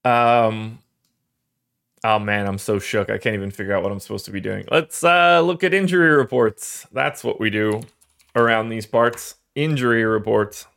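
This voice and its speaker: A man's voice: lowish voice, moderate pace, vocal fry, fairly bright tone. Young male host, casual and rambling, self-mocking, voice cracking with emotion. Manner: rambling, self-deprecating, emotional about his team. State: voice cracking, choked up. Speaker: fantasy sports podcast host. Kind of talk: casual solo livestream talk.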